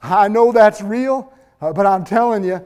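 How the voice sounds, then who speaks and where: High-pitched pastor guy preaching a sermon, fervent and emphatic. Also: measured pace, darkish tone, smooth.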